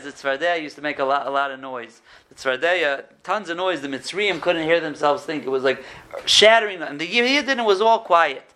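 A man with a high, bright, sharp-edged voice teaches an informal Torah class. He tells stories and often restarts his sentences. He sprinkles Hebrew terms through his plain English. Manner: storytelling with frequent restarts, mixes in Hebrew terms.

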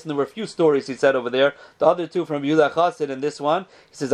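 A man's voice: a little high, fast talker, hardly any pauses, a little mellow. A man giving a casual Torah lesson, telling stories and sprinkling in Hebrew terms. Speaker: Torah teacher.

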